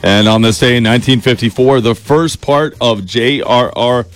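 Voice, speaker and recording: A man's voice: mid-range voice, moderate pace, faint music behind. A man hosting a radio segment, reading history items and chatting with a co-host, laughing easily.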